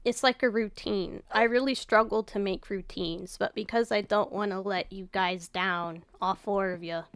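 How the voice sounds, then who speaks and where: A woman rambling over gameplay in a loose, casual vlog, her voice sounding raw and worn out. She drifts between thoughts, trails off and swears offhandedly, at a middling pitch for a woman. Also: steady tone, moderate pace, clean tone, no room sound. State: raw, tired voice. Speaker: gaming YouTuber.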